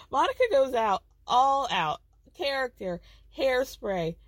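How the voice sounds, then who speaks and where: A woman's voice: high voice, expressive, takes it slowly, no echo. A woman hosting a casual podcast, recapping reality TV in a gossipy, chatty way and laughing often.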